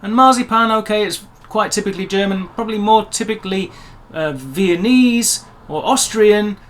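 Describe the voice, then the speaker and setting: A man's voice: high-pitched, normal speed, a bit bright. A man from England, vlogging in a chatty, upbeat way with playful asides. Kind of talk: casual talk to camera.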